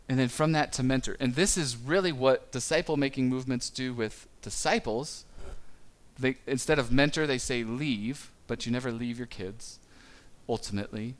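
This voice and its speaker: A man giving a sermon on parenting in a relaxed, conversational way, stumbling a little and briefly acting out quotes from parents and children. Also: medium pitch. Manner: conversational, with small stumbles and quick acted-out quotes. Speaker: pastor.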